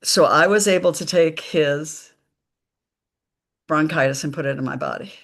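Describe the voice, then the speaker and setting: A woman, a psychic medium guest, telling stories slowly and emphatically in a live conversation, acting out the dialogue. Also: sits low, a bit bright. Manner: slow, emphatic storytelling with quoted dialogue.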